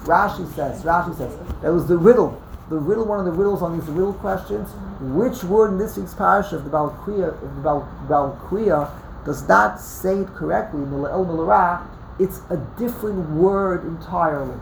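A man's voice: high-pitched, normal speed, gravelly, roomy sound, a little hiss or hum. A man teaching a text-study class, explaining emphatically, often repeating words and restarting sentences. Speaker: Torah teacher.

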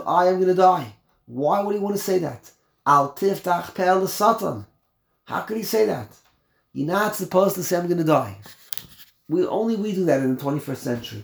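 A man's voice: fairly high pitch, creaky. A man teaching a verse-by-verse Torah class, mixing Hebrew terms into English, emphatic, with many repeated phrases and rhetorical questions. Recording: roomy echo, faint ambience.

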